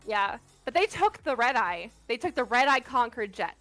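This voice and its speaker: Bright-voiced giggly woman. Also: fairly high pitch, sing-song, moderate pace, soft background music. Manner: giggly, rambling, self-deprecating. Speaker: co-host of a trivia stream. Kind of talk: casual chat.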